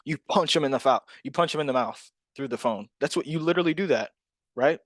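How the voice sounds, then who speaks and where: A man's voice: a little high, fast, no room sound, studio quality. A man coaching on real estate wholesaling calls, punchy and emphatic, acting out phone conversations with energy. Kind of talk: energetic sales coaching monologue.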